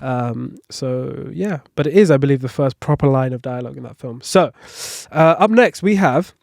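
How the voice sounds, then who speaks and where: A man's voice: mid-range voice, lively intonation, normal speed, gravelly, few pauses, a little mellow, no room sound, studio quality. A man hosting a casual podcast, quizzing his co-host and reading clues with lots of fillers. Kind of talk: casual podcast quiz chat. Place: home, on a couch.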